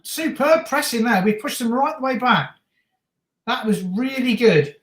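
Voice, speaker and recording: A man co-hosting a live football reaction stream, mixing jokey banter with steady match analysis. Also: extremely high pitch, measured pace. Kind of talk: casual live match commentary and chat. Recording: roomy echo.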